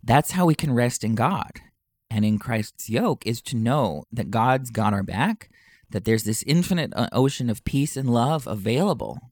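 Man, mid-pitched, Bible commentary, earnest and emphatic, dry close sound. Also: no room sound. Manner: earnest, emphatic, repeats key phrases slowly. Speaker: Bible teacher.

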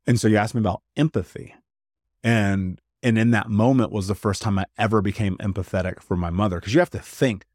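A man's voice: lowish voice, a little mellow, dry recording, clean studio sound. A man who is a podcast guest, telling personal stories in a frank, casual way, often saying "like" and repeating words for emphasis. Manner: frank, conversational, peppered with "like"; emphatic repetition. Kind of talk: candid personal storytelling interview.

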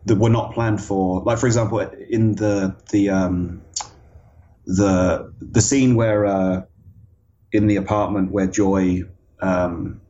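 Very low-voiced man, dull lo-fi audio. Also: fairly even intonation, warm tone. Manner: thoughtful, halting, full of restarts and fillers. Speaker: guest film designer. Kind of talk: casual podcast conversation.

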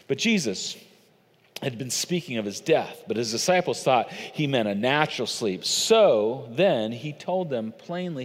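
A man's voice: medium pitch, normal speed, big-room sound. A man preaching a sermon, earnest and conversational, speaking straight to his listeners. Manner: earnest, conversational, addresses audience directly. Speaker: pastor.

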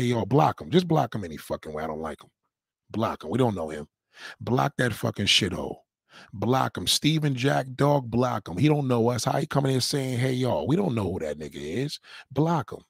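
Here a livestream host heckles a guest shown in a clip, mocking him with repeated profane commands. The voice is mid-range, animated, and brisk, with vocal fry and a slight roughness, in clean studio sound with no echo.

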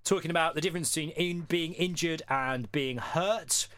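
A man's voice: fairly high pitch, moderate pace, fairly bright tone, no room sound, clean studio sound. A man from the UK co-hosting a casual podcast, rambling with lots of fillers. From United Kingdom. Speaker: podcast co-host.

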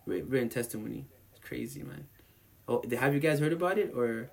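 A man talking casually about music, animated and rambling with lots of slang fillers. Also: mid-range voice, a little fast, vocal fry, husky.

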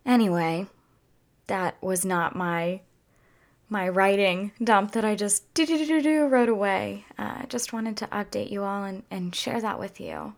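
A woman talking casually to her viewers in a heartfelt, chatty way, near tears and drifting into soft whispers at times. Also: mid-range voice, measured pace, creaky. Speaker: vlogger. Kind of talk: casual personal talk to viewers.

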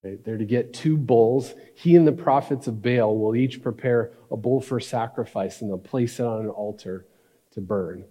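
A man preaching a sermon, telling a story with dramatic shifts between loud and hushed delivery. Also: mid-range voice, normal speed. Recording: reverberant hall.

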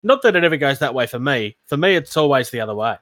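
A man's voice: mid-range voice, animated, quick pace, a bit bright, dry recording. A man, co-hosting a casual chat, rambling and self-mocking with frequent laughs. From Australia. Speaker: podcast co-host. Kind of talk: casual chat about tabletop gaming.

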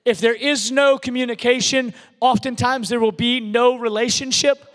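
A man preaching in a big hall with a long reverb trailing off his words. His voice sits very high for a man, and he presses his points hard, often doubling words as he builds up. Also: steady tone, moderate pace, fairly bright tone. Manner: emphatic, repeats words when building a point. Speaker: pastor. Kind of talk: sermon. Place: large church hall.

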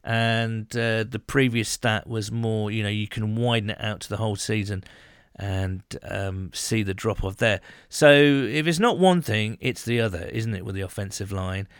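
A man's voice: on the low side, normal speed, clear, resonant tone, dry recording, clean studio sound. A man co-hosting a casual sports podcast, rambling with lots of fillers and restarts. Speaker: podcast co-host.

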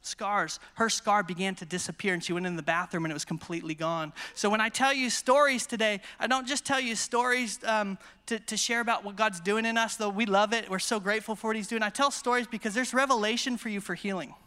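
An American man preaching at a conference, telling testimony stories with self-deprecating humor and quick repetitions. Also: high-pitched, smooth. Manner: storytelling, self-deprecating humor, repeats words when excited. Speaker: conference speaker. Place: large conference hall. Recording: long hall reverb.

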